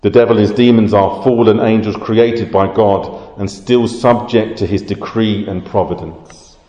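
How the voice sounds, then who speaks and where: A man preaching a sermon, explaining scripture in a measured way. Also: fairly low pitch, fairly even intonation, warm tone. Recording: roomy hall reverb.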